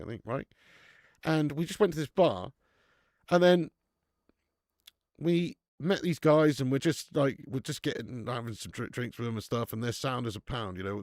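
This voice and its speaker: A young man running a live football watch-along, swearing and chatting with viewers between bursts of excited commentary. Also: fairly high pitch, creaky, no echo, studio quality. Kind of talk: live match commentary and casual chat.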